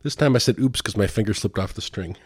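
A man with a lowish voice hosts a show at a fairly quick pace, reading news headlines aloud. His commentary is casual and rambling, sardonic in tone, and he swears freely.

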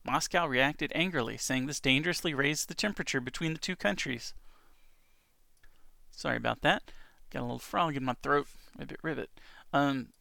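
A man's voice: medium pitch, fairly quick, vocal fry, sharp tone, dry recording. A man hosting a casual news show from home, reading headlines and adding chatty asides. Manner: chatty, reads headlines with asides and small laughs. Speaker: podcast news host. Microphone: home recording setup.

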